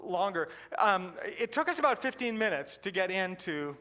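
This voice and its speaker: Bright, high-voiced storytelling man. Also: normal speed. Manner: animated, laughing storyteller. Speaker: customer service keynote speaker. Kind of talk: live keynote storytelling.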